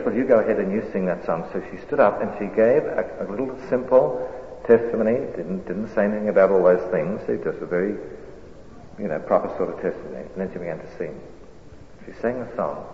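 Low-voiced guy preaching, tells it animated, faint hiss, big roomy echo. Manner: animated storyteller, swells loud on climaxes. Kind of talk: sermon storytelling. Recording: echoey hall, dull lo-fi sound, faint hiss.

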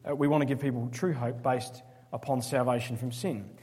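A man preaching a sermon, emphatic and measured, with dry sarcastic asides. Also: medium pitch, fairly even intonation, warm tone, in a large hall.

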